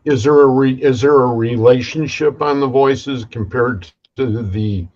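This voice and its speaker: A man hosting an interview, asking questions haltingly and restarting them. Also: medium pitch, a little mellow. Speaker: host. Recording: dull lo-fi sound.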